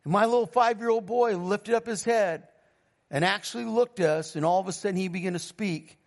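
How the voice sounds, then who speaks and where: A man's voice: a little fast, gravelly. A middle-aged man, a pastor, telling a personal testimony in a sermon, acting out his conversations with God and calling to the congregation for responses. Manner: storytelling, acts out dialogue with God in a lower, quieter voice.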